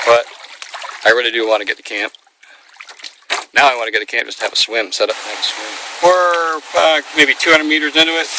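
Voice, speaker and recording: A man narrating a casual outdoor vlog on a canoe trip, talking to the camera and to his dog. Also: fairly low pitch. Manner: chatty, talks to his dog. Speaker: vlogger on a backcountry canoe trip. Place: outdoors on a lakeside campsite and portage trail. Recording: noisy outdoor recording. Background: dog barking.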